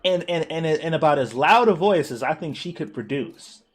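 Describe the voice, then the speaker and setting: A man streaming a co-op game, telling a school story in animated, profane casual chat with frequent laughs. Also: a little high, normal speed, slightly rough. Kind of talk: casual chat while gaming.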